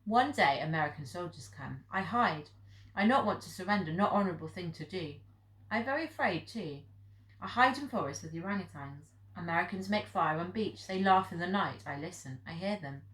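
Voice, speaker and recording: A woman's voice: lowish voice, lively intonation, a little fast, fairly bright tone. A woman reading the part of an old Japanese hermit man who speaks in blunt, clipped broken English, recorded in an echoey room. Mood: grave.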